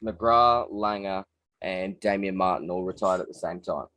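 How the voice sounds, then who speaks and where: Laid-back aussie guy, low voice, dry close sound, slangy podcast chat. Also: a little slow, sharp tone, no echo. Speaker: podcast co-host. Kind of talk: casual chat over beers.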